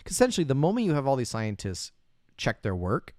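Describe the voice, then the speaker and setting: A man's voice: mid-range voice, wildly swooping pitch, fast, a little mellow, dry recording, studio quality. A man co-hosting a casual movie review chat, musing and hedging with fillers as he talks it through. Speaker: podcast co-host.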